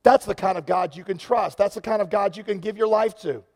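High, gravelly-voiced male preacher in a hall. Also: brisk. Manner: storytelling, conversational, impassioned builds. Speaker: pastor. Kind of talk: sermon. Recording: long reverb of a large hall.

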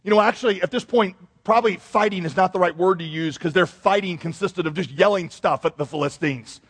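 Man, pastor, humorous conversational sermon, high voice, echoing church hall. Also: a little fast, husky. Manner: joking, conversational, animated. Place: church sanctuary. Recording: long reverb in a large hall.

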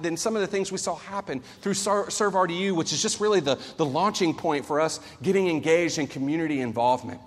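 A man in his forties preaching a sermon as a pastor, earnest and storytelling, swinging between loud and soft. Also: sits high, fairly quick, few pauses. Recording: long hall reverb.

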